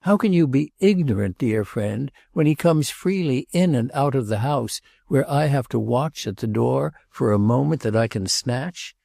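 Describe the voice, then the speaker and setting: A man's voice: mid-range voice, expressive, normal speed, gravelly, few pauses, dark tone, no room sound, clean studio sound. A man voicing an agitated, jealous nobleman who pleads and repeats himself, in an audiobook.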